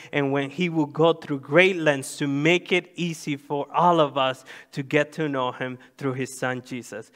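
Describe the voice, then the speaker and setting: A man preaching a sermon, slow and deliberate, rising to loud emphatic passages. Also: a little high, smooth. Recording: long hall reverb.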